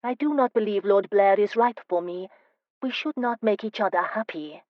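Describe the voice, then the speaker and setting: A woman narrator voicing a spirited, teasing young woman in an audiobook, speaking with lively, emphatic delivery. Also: mid-range voice, moderate pace, no echo, lo-fi sound, pitched above the performer's own voice, close to an everyday voice. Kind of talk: audiobook character voice.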